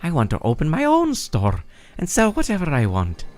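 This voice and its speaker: A man voicing an eager young male bird-folk villager who complains in a high, excitable put-on voice. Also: normal speed, soft background music. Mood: whiny. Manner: complaining, whiny.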